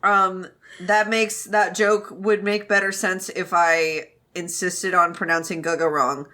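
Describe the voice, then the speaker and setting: Woman, podcast co-host; crisp bright tone, wry and playful recapping. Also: lowish voice, steady tone, a little slow. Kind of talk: casual chat.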